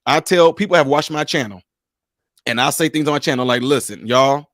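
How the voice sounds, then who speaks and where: A man hosting a livestream, telling stories in a lively, casual way and laughing often. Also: medium pitch, fairly quick, dry recording, clean studio sound. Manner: animated storyteller, laughs often. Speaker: livestream host.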